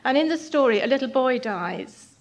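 A woman giving an earnest, gentle sermon in a church, sometimes reading passages aloud. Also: high voice, lively intonation, moderate pace, dull audio. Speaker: church speaker.

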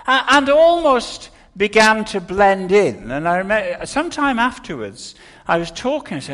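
A man's voice: sits high, very animated, normal speed, fairly bright tone. An older man preaching an earnest sermon, often restarting his words.

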